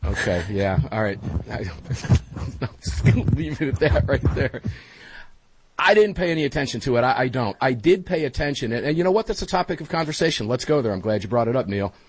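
A man's voice: mid-range voice, big pitch swings, a little fast, noisy background. A man hosting a talk radio show from his studio, chatting energetically with his co-hosts and speaking directly to the listeners. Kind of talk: casual talk radio banter. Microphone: studio mic.

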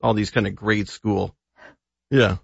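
A man chatting on a radio show, relaxed and quick to laugh. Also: lowish voice, vocal fry, slightly rough, dry recording, muffled recording. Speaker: radio entertainment contributor. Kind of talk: casual radio chat. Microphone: studio microphone.

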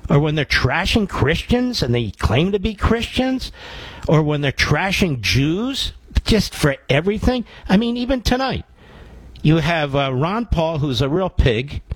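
A man's voice: fairly high pitch, sing-song, measured pace, slightly rough, dry recording, rough recording. A man hosting a call-in radio talk show, combative and opinionated, with a sarcastic edge. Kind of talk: talk radio, taking calls.

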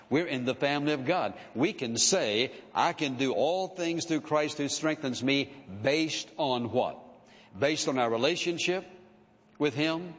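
Earnest male pastor preaching in hall. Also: medium pitch. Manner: earnest, emphatic preaching with rhetorical questions. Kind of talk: sermon. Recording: dull, echoey hall sound.

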